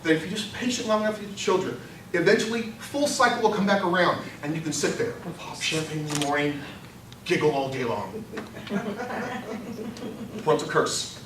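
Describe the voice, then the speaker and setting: An older man giving a humorous storytelling speech at a contest, animated and laughing through his own punchlines. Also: on the high side, moderate pace, long pauses, far from the mic, background noise. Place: meeting hall. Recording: echoey hall recorded from afar.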